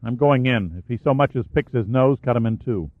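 A wounded lieutenant played by a man gives orders calmly and firmly. The recording is thin, phone-like and dry. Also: mid-range voice, brisk, no echo, natural voice. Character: cool-headed wounded male lieutenant.

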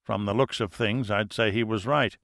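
A man voicing a steady, wry male researcher who speaks in an even, matter-of-fact way. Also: on the low side, moderate pace, gravelly, no room sound, clean studio sound.

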